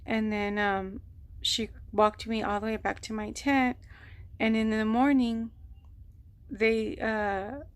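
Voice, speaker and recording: A woman telling a long personal story on her vlog, rambling and animated, acting out what people said. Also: fairly high pitch, takes it slowly, no echo. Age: adult, mother of a grown son. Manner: rambling, animated retelling with quoted voices. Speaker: vlogger. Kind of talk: casual storytelling.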